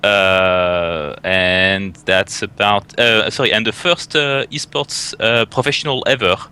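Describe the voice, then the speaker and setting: A man in casual panel chat, telling animated stories full of fillers, restarts and swearing. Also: fairly low pitch, a little slow, clean tone. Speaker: barcraft event organizer.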